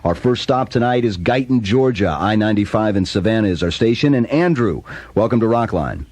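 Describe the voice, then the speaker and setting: A man's voice: lowish voice, animated, fairly quick, darkish tone. A man hosting a radio call-in show, reading promos and introducing callers in an upbeat announcer style. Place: radio studio.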